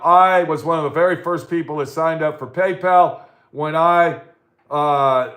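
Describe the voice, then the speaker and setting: A middle-aged man vlogging in a blunt, profane, ranting monologue, halting often with fillers. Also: a little high, fairly bright tone.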